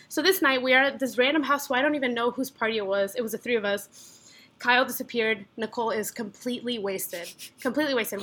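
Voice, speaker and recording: High, bright young woman telling a story. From San Antonio, Texas. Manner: animated, laughing, heavy use of "like". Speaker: podcast guest. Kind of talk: casual storytelling.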